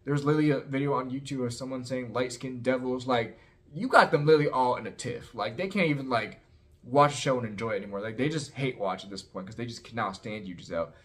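A male vlogger gives a casual, opinionated recap of reality TV in a rapid, gossipy, mid-pitched voice. He's sassy and animated, leaning heavily on "like" and "girl."

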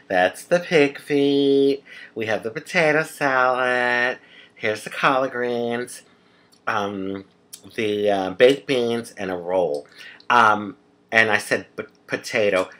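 A woman with a Philadelphia accent chatting through a casual home cooking vlog, expressive and quick to laugh. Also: a bass voice. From Philadelphia, USA. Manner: chatty, expressive, laughs often, drawn-out emphasis. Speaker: vlogger.

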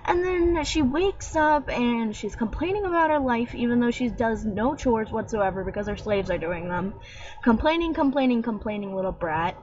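A woman's voice: fairly high pitch, lively intonation, moderate pace, a little mellow. A young woman ranting casually in a vlog, sarcastic and rambling, mocking what she describes. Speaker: vlogger. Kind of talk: casual rant. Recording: dull lo-fi webcam audio.

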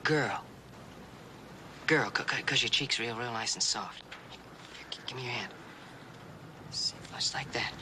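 An actor playing an earnest young cowboy who patiently teaches a deaf girl sign language, gently coaxing in a 1960s western TV drama. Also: mid-range voice, a little slow, long pauses, lightly acted. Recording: noisy vintage TV soundtrack.

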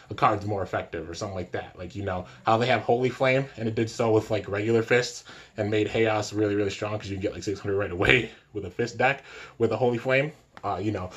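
A young man hosting a casual toy unboxing vlog, excitable and filling his talk with "man" and "dude". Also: lowish voice. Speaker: toy reviewer and channel host.

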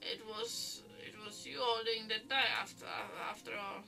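A woman's voice: on the high side, big pitch swings, normal speed, creaky, pushed and bright, recorded from a distance, soft background music, full character voice. A woman reading the lines of a frightened young girl from a game, earnest and pleading.

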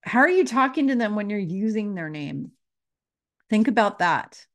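A woman's voice: mid-range voice, big pitch swings, normal speed, fairly bright tone. A woman spiritual teacher talking to her viewers, earnest and repeating her questions. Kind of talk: casual spiritual talk to camera.

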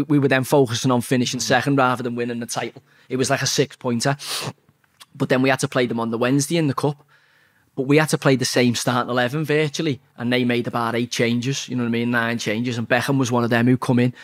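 A foul-mouthed man in his forties spins a football yarn as a guest. He talks bluntly and animatedly, swearing freely. His pitch sits in an ordinary middle range. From England. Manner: blunt, heavily profane, animated anecdote-telling. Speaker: podcast guest, former footballer. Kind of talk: casual storytelling.

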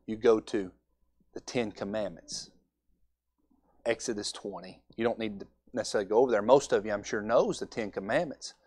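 A young man preaching a Sunday evening sermon in a folksy way, acting out altar conversations. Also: lowish voice.

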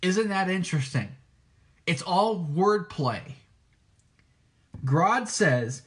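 A preacher giving an informal teaching, talking hesitantly with many restarts and frequent checks for agreement. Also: male voice, sits high, very animated, slow, a bit bright. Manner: hesitant, frequent restarts, keeps asking "okay?".

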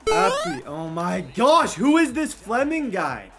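A young man giving excited commentary on his own video game, shouting at big plays and repeating himself. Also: high voice, slow pace, faint music behind.

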